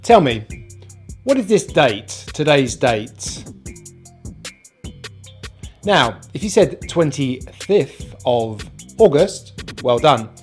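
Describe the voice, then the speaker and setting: A man with a British accent teaching an online pronunciation lesson, speaking slowly and modelling each sound one at a time. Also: mid-range voice, sing-song, faint music behind. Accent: British English, non-rhotic. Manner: slow, careful, demonstrates sounds one by one.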